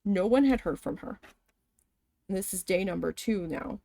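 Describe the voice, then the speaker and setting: Woman vlogger, venting storytime, swears, mid-pitched, dry close sound. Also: normal speed, vocal fry, no echo. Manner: venting, animated, swears, acts out quoted voices. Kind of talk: casual storytime while embroidering.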